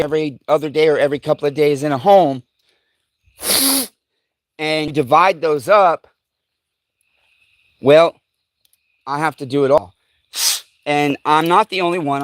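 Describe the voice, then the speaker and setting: A man on a home livestream, venting in a fast, profane rant. His voice sits a little high for a man and climbs higher when he gets heated. He also drops into grumbling asides as he walks around the house. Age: adult parent. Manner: rising to loud agitation, then muttering lower while walking around. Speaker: livestream host. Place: at home, moving between rooms.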